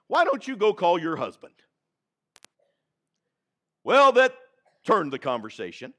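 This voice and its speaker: A man with a Texan accent preaching a sermon in church, dramatic and animated, calling on the congregation to answer back. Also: sits high. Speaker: pastor. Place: church sanctuary.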